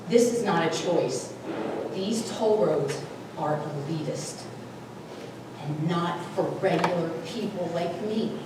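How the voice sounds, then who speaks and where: An earnest middle-aged woman makes her public comment at a meeting. Her voice sits a little low and comes from a distant mic in a very echoey hall. A noisy hiss lies over it.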